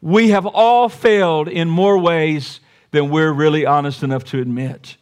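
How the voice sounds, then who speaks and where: Here a pastor preaches with a slightly high, clear, resonant voice, never hurrying. He shifts from soft, reflective passages to loud, insistent repetitions, sprinkled with homespun asides.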